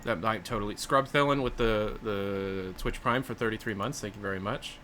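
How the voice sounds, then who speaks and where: A man's voice: lowish voice, normal speed, over music, low-quality recording. A young man streaming, chatting casually and rambling while he reads out donations, into a desktop USB mic. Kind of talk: casual livestream chat.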